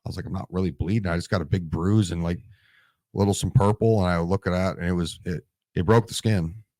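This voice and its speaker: Man in his forties, veteran guest, low voice, dry close sound, emotional, tearing up, halting restarts. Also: fairly even intonation, darkish tone, no echo. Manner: emotional, swearing, trailing restarts. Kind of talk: casual interview storytelling.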